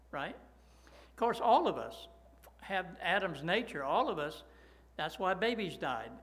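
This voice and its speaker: Emphatic preacher man, bright voice. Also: on the high side, rough recording. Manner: folksy, emphatic, keeps asking "right?". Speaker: pastor. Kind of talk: sermon.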